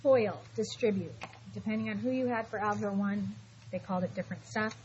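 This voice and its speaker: A woman's voice: medium pitch, fairly quick, a little mellow, highs cut off, slight background noise. A middle-aged woman math teacher lecturing her class, patient and reassuring as she walks through each step.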